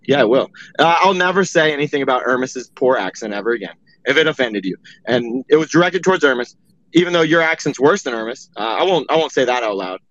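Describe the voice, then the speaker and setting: A man's voice: mid-range voice, lively intonation, quick pace, a bit bright, dry recording. Guy running a live audio room, swearing and mocking, lots of uhs, dull dry lo-fi sound. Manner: profane, mocking, repeated filler "uh". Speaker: space host. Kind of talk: heated live audio chat.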